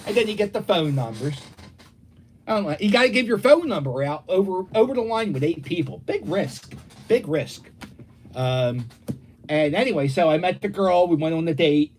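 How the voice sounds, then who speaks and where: A middle-aged Philly guy hosts a livestream from his home dining room, rambling through stories at normal speed. His high voice is very animated, jumping up and down a lot, and he acts out voices as he goes.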